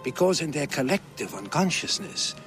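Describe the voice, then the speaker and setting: An actor playing an older, theatrical, world-weary horror film star who speaks with a Hungarian accent, in a film clip. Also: male voice, on the high side, very animated. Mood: conspiratorial. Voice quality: slow, heavily accented, theatrical delivery. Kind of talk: film dialogue. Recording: film clip with score music.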